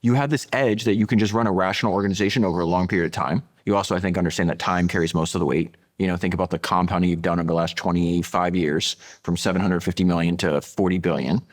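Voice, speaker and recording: A man hosting a podcast interview, talking quickly and eagerly with many restarts. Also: low voice, fairly even intonation. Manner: fast, enthusiastic, restarts often. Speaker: podcast host. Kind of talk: conversational interview.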